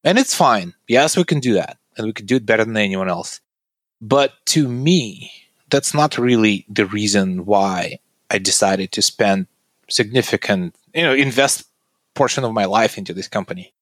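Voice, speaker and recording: A man's voice: fairly low pitch, lively intonation, normal speed, fairly bright tone, dry recording. A man, a tech company founder, giving earnest, explanatory interview answers about his product.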